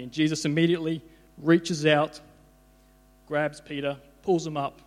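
A man's voice: fairly high pitch, fairly even intonation, moderate pace, pauses often. A young man giving an informal sermon, conversational, often repeating his words as he goes. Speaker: preacher. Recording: hall reverb with mains hum.

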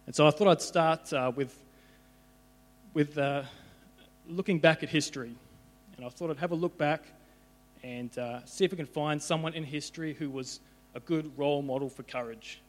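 A man's voice: fairly high pitch, moderate pace. A young man giving an informal sermon, conversational, often repeating his words as he goes. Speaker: preacher. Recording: hall reverb with mains hum.

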